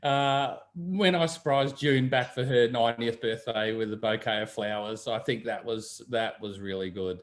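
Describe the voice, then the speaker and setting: A man's voice: medium pitch, normal speed, hardly any pauses. Aussie guy chatting, tells stories, does the voices of the people he talks about. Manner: chatty storyteller, acts out quoted voices. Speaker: guest. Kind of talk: casual chat.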